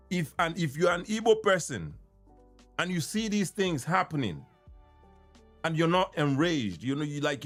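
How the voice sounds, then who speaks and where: A man with a Nigerian accent, hosting a podcast in impassioned solo commentary, ranting and repeating himself as he mixes in Pidgin. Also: a little high. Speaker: podcast host.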